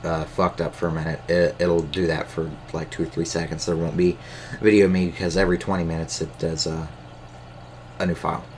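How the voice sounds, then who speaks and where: A man's voice: low voice, little pitch movement, brisk, a little hiss or hum. A man talking casually into his camera mic, rambling and hesitant with lots of filler words and swearing. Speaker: solo podcast host.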